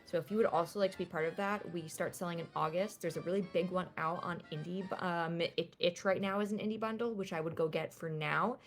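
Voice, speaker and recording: A woman's voice: on the low side, fairly even intonation, brisk, few pauses, faint music behind. A woman player giving a chatty, earnest sign-off about her streams and a charity drive, ending with a rallying call. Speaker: guest player. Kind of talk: casual sign-off plug.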